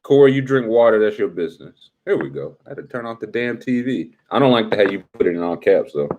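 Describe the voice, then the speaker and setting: Deep-voiced man chatting with his stream. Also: animated, fast, a little mellow, muffled recording, slight background noise. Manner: slangy, teasing, talks straight to his chat. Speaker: live-stream host. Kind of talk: casual live-stream chat reading viewer comments.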